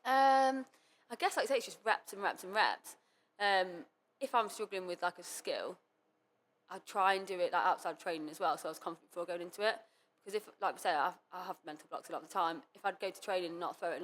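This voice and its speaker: A young woman chats rapidly on a podcast, her voice sitting on the low side. She fills her talk with fillers and quoted thoughts. A faint hum sits underneath. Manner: chatty, lots of fillers and self-quotes. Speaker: guest cheerleader. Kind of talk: casual podcast chat.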